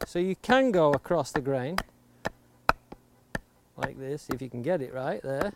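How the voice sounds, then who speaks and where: A man's voice: a little high, lively intonation, normal speed. A man teaching how to shape a wooden blank with an axe, explaining each step and stressing safety, recorded outdoors near the coast. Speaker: woodcarving instructor. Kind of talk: hands-on demonstration tutorial. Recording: clear background noise of chopping and clicks. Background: axe chops and clicks.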